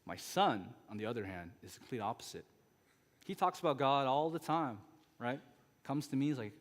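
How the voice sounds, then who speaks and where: Male guest pastor, 30s, mid-pitched, chatty anecdotal sermon delivery, long sanctuary reverb. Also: lively intonation, normal speed. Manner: conversational storytelling with frequent asides. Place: church sanctuary.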